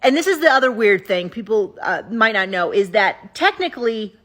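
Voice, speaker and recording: A woman's voice: mid-range voice, very animated, moderate pace, a bit bright. A woman giving candid, opinionated casual commentary to camera as a vlogger recapping a show.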